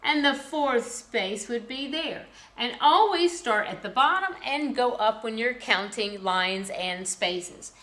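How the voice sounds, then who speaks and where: Casting: woman music teacher for kids, bright, unhurried, patient and repetitive. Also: on the high side, expressive. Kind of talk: children's music lesson.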